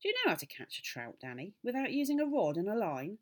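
Excitable old village doctor, lively sing-song, storybook telling, as a woman puts him on. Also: mid-range voice, fast, lightly acted. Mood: genial, conspiratorial. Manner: animated, rising to loud indignant bursts.

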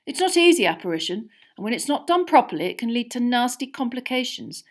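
A woman's voice: a little high, sing-song, fast, pitched above the performer's own voice. Woman reading as a chatty wizard dad. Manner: chatty, matter-of-fact. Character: fussy kindly middle-aged wizard father.

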